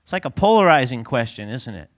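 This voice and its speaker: A man's voice: medium pitch, big pitch swings, fast. A man giving a conversational sermon as a pastor in a church, laughing often and asking the congregation rhetorical questions.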